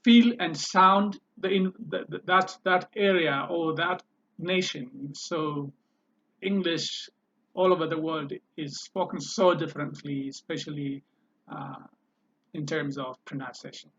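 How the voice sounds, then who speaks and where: A man teaching a language lesson, repeating each word several times and pausing to think with fillers. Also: fairly high pitch, fairly bright tone. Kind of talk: slow spoken language lesson. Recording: slightly dull, lo-fi sound.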